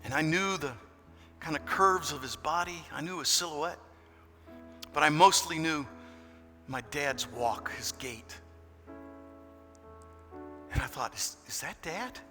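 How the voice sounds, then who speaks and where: Pastor in his sixties, bright and echoing. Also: fairly high pitch, slow pace, pauses often. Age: 60s. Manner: dramatic swings from hushed to loud. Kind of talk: sermon. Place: church. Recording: reverberant church hall with music.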